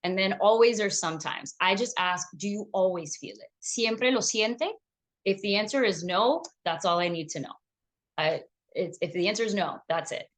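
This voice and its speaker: A woman physician giving a lecture on back pain with slides, explaining clearly and mixing in Spanish phrases for patients. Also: medium pitch, normal speed. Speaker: physician teaching medical Spanish.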